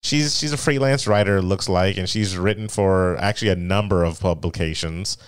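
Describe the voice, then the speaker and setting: A man with a lowish, smooth and resonant voice talks in a laid-back, rambling way as a podcast co-host. The sound is close and dry, with no room around it. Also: moderate pace, no room sound. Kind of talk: casual chat.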